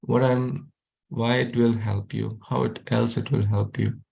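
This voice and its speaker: Low gravelly guy teaching kids online, keeps repeating questions, pretty flat. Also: a little slow. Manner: encouraging, asks questions, repeats himself. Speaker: youth class teacher. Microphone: video call.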